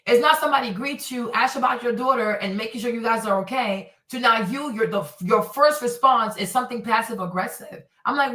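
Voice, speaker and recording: A woman's voice: fairly high pitch, a little fast, few pauses. A woman from Northern Virginia hosting a casual commentary show, telling stories with indignant energy and acting out what people said. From Northern Virginia, USA. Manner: animated, indignant storytelling with acted-out quotes. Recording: echoey room, voice a bit far from the mic.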